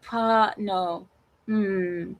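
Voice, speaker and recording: A woman hosting a live stream, chatting casually with her viewers in a teasing, animated way and laughing often. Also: mid-range voice, drawn-out words. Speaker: livestream host.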